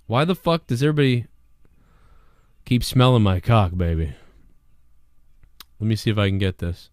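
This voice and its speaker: A man hosting a casual livestream show, rambling and swearing a lot, with a hoarse voice. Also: on the low side, moderate pace, no room sound, studio quality. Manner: profane, rambling and animated. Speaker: show host.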